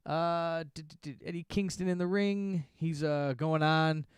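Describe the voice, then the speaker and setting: A man's voice: a little high, steady tone, unhurried, clean tone, dry recording, studio quality. A man co-hosting a podcast, recapping wrestling in casual, rambling, sarcastic chat. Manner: rambling, sarcastic, acts out wrestlers' shouted lines. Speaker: podcast co-host.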